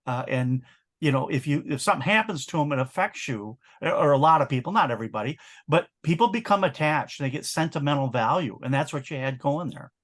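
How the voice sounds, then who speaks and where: A man co-hosting a podcast, calmly explaining things in casual chat. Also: a little high, brisk. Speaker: rug cleaning business co-host.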